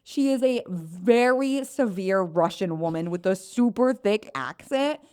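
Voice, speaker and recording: A woman's voice: mid-range voice, animated, unhurried, darkish tone, clear, resonant tone. A young adult woman co-hosting a podcast, telling a story in a rambling way that is full of "like" fillers. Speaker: podcast co-host. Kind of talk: casual chat.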